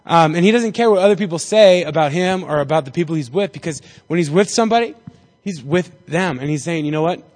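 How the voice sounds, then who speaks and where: A man's voice: fairly high pitch, lively intonation, quick pace, darkish tone. Chatty man teaching in a big hall. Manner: chatty and jokey, acting out voices in the story. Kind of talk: casual Bible teaching to a group. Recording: reverberant hall.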